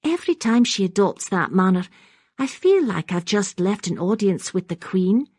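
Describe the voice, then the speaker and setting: A woman doing a soft, lilting Scottish temptress. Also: medium pitch, animated, normal speed, slightly rough, no room sound, studio quality, pitched above the performer's own voice. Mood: teasing. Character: refined young Highland woman, sly and teasing.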